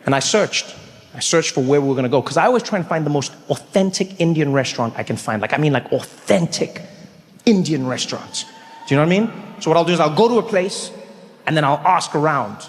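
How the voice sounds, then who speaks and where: Animated comedian in a reverberant hall. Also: male voice, fast. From South Africa. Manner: animated storyteller, acts out voices with big pitch jumps and shouts. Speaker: stand-up comedian. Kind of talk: stand-up comedy storytelling. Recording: large hall with long reverb, faint ambience.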